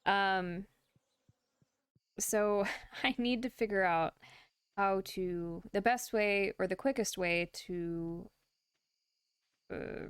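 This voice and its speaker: Playing a farming game, a streamer keeps up casual chatter in a smooth, mid-range voice recorded at studio quality with no echo. She has the hiccups, rambles, and laughs frequently.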